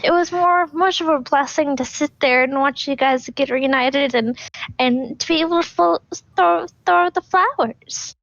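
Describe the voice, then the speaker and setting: A woman playing a tabletop game, speaking softly and hesitantly. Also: high-pitched, a little slow, gravelly, no room sound. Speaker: player. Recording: dull lo-fi dry recording.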